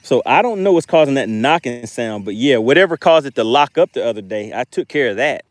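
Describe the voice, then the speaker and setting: Male fishing streamer on a boat, animated delivery, dry sound, hypes every catch. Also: mid-range voice, a little fast, no echo. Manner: excitable, reads chat aloud, exclaims. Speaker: fishing livestream host. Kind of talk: live fishing stream chat. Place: on a boat outdoors.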